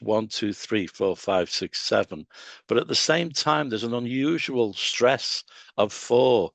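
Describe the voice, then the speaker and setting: A man giving a public lecture, explaining in a measured way with pauses and fillers. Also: lowish voice, animated, gravelly, fairly bright tone, no echo.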